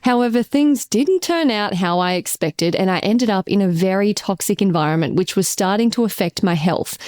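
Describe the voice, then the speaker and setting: A woman's voice: medium pitch, a little mellow, no echo. Young Australian woman, podcast co-host; chatty, upbeat delivery, close and dry on the mic. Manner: chatty, upbeat, reads listener messages aloud. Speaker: podcast co-host, radio journalist. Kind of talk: casual podcast chat.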